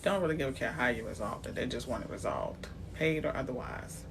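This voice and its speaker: A woman's voice: a bass voice, animated, fairly quick, background noise. A woman realtor talking live to viewers about credit in a chatty, direct way, greeting them by name as she goes. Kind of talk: live-stream talk on building credit.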